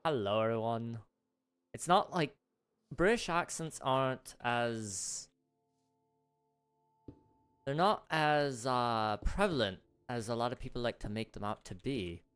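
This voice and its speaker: A man's voice: mid-range voice, slow pace, long pauses, a bit bright, clean tone. A man chatting casually with his viewers on a livestream, rambling and poking fun at himself. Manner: rambling, chatty, self-deprecating.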